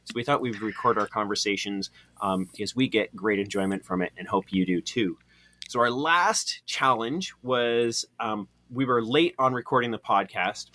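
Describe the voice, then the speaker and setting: A man's voice: fairly low pitch, normal speed. Rambling male blacksmith podcast co-host. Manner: relaxed, rambling, joking. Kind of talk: casual chat.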